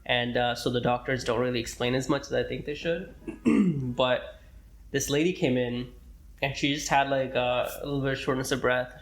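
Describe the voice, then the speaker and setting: A young man in his twenties, a medical student co-hosting a podcast, telling a story in casual chat, rambling and profane, often clearing his throat. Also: medium pitch, flat delivery, moderate pace, fairly bright tone. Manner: rambling, profane, acts out quoted dialogue, frequent throat clearing.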